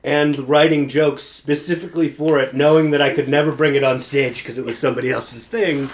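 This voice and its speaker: A woman's voice: deep voice, steady tone, fairly quick. A woman comedian co-hosting a podcast, telling stories in a rambling, laughing way. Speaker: comedian co-host. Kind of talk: casual comedy podcast chat.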